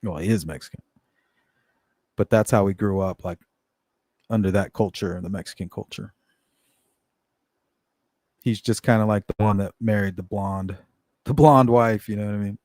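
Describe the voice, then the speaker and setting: A man's voice: on the low side, moderate pace, long pauses, darkish tone, no echo. Middle-aged guy talking on a livestream, blunt, cusses, laughs a lot, dry close sound. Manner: blunt, profane, laughs often. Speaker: livestream host reading chat. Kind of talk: casual live chat.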